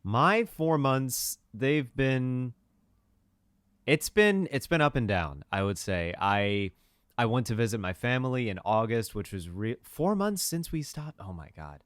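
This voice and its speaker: A young podcast co-host speaks in a medium-pitched, expressive, fairly bright voice at a measured pace. His casual chat is rambling and jokey, full of fillers and restarts, and the studio-quality recording is dry.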